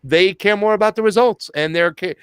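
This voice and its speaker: Animated man telling a story. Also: high-pitched, fairly quick, clean tone, no echo. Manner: animated storytelling, acts out quoted dialogue. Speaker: podcast host and activist guest. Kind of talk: casual chat.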